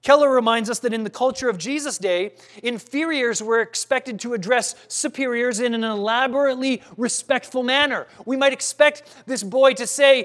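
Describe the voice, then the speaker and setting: A man preaching a sermon, earnest and questioning, with dramatic pauses and some restarts. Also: very high-pitched, animated, fairly bright tone.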